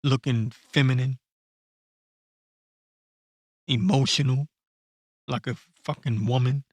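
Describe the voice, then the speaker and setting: A man ranting bluntly and profanely in an unscripted commentary, stopping to read verses slowly and correct himself. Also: mid-range voice, steady tone, no room sound, clean studio sound. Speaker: online commentator. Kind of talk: blunt unscripted rant with scripture reading.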